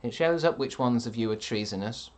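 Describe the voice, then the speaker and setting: A man's voice: medium pitch, fairly quick. A man streaming live, reading out chat with rambling dry jokes and lots of ums.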